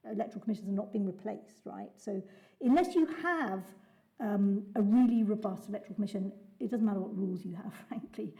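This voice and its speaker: Woman with a dark, mellow voice. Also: mid-range voice, rough recording. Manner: urgent, persuasive, many fillers. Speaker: panel speaker. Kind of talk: panel talk.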